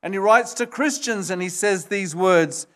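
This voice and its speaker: A man preaching a sermon, emphatic, jumping up high to stress points and acting out quoted dialogue. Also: moderate pace, a bit bright. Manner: acts out quoted dialogue in a raised voice. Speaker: pastor.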